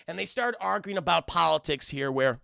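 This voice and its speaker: A man streaming a crude, excitable film review, talking to his chat and laughing often. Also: fairly high pitch, a little fast, vocal fry, clean tone, dry recording, clean studio sound. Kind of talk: casual livestream commentary.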